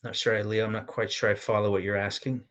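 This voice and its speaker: A man hosting a live-streamed sales pitch, answering viewer chat in a pushy, hyped salesman patter with mild swearing. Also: little pitch movement, fast talker, a bit bright. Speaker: host selling his own product.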